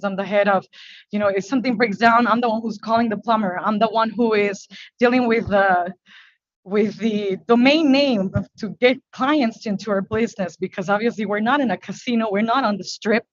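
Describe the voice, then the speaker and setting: A woman speaking English as her second language, a business owner testifying before a board in a halting, earnest, emotional way. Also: medium pitch, dry recording, highs cut off. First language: not English. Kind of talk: testimony at a public hearing. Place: hearing room.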